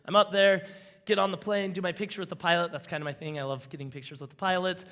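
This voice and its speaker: Bright, high-voiced man telling a rambling story. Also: fairly even intonation, quick pace. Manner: rambling, easily sidetracked, enthusiastic. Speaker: conference speaker. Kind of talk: energetic storytelling talk on stage.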